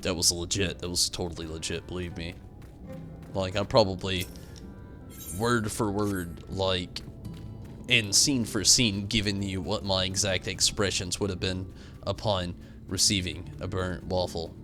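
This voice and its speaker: A young man streaming a game, rambling through animated stories and chatting with viewers at a desk mic. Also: sits low, measured pace, over music. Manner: rambling, animated storytelling with swings into loud outbursts; reads out and answers viewer chat. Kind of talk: casual live-stream commentary.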